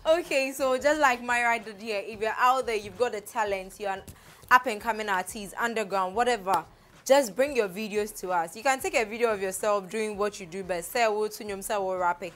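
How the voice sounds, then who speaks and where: A woman's voice: mid-range voice, brisk. An upbeat woman hosts a casual interview. She exclaims often and piles one question onto the next. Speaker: show host interviewing a rapper.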